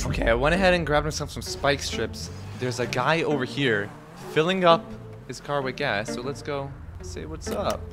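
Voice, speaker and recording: A young man giving excited running commentary over his roleplay gameplay, often yelping and shouting. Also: medium pitch, fairly quick. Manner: shouts and yelps during chases. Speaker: gaming YouTuber. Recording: game music behind.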